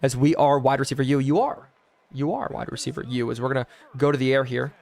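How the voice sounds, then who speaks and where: A young man streaming a football video game, calling the plays excitedly and chatting with his viewers, his voice worn out. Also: medium pitch, fast, vocal fry. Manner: excitable, talks to chat, play-by-play calls. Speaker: gaming streamer.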